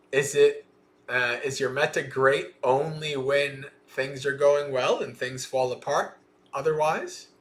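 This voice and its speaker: A man reading a Buddhist sutta aloud on a livestream and pausing to explain it in a thoughtful, questioning way. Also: medium pitch, a bit bright. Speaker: Dhamma teacher.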